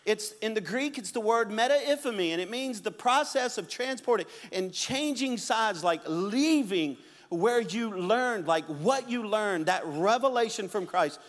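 High-voiced middle-aged pastor guy preaching, lively, acts out stories, big echoey church sound. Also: measured pace, hardly any pauses. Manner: animated, acts out quotes and stories. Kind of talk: sermon. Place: church sanctuary. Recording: long hall reverb.

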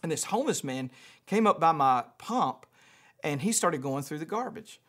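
A man from Louisiana with a Louisiana accent, a pastor preaching a sermon, telling a personal story in an animated way and then praying. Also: a little high, moderate pace. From Louisiana, USA. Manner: animated storyteller, acts out voices, chuckles.

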